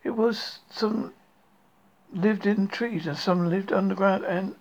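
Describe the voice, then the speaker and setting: A reader narrating a children's storybook, unhurried, with small slips. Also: medium pitch, steady tone. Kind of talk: storybook reading. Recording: lo-fi recording.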